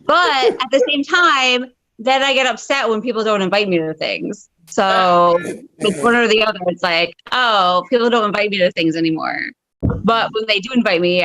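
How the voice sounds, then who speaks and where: A woman's voice: lowish voice, fairly quick, fairly bright tone, no room sound, low-quality recording. A woman in her thirties doing a blunt, exasperated stand-up rant over a video call, swearing constantly and padding every line with fillers. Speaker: stand-up comedian. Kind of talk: profane ranting stand-up bit.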